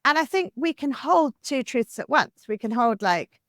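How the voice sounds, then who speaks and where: A woman's voice: sits high, moderate pace, no room sound. Talkative woman author guest, lots of "like", dry close mic. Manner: animated, talkative, with lots of "like" and "you know". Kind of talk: podcast interview.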